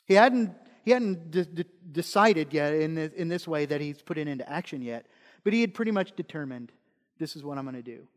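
A man with a high voice preaches a sermon, pressing hard on repeated points, then easing into soft, chatty asides. His words ring out with a long reverb, as if across a large church hall. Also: animated, fairly quick. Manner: emphatic preaching that drops into soft conversational asides; repeats key phrases for stress. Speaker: pastor.

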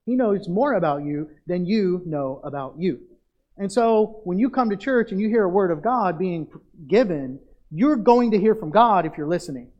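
High-voiced man preaching emphatically. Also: animated, highs cut off. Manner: emphatic preaching with drawn-out stressed phrases; direct address to the congregation. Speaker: pastor. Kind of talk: sermon.

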